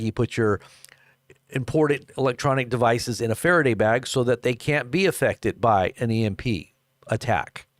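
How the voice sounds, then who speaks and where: A man's voice: medium pitch, no echo, studio quality. A man from the United States hosting unscripted live news commentary, rambling with many fillers and restarts.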